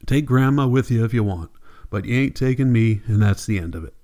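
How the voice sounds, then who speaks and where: A man reading the part of a stubborn, cranky old grandfather farmer with a gruff, defiant rural drawl. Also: mid-range voice, a little fast, dark tone, natural voice.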